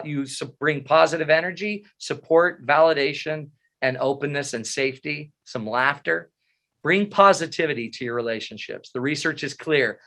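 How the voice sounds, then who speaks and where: A middle-aged man giving a motivational talk, animated and self-mocking, telling funny stories. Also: on the high side. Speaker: motivational speaker. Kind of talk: humorous storytelling talk.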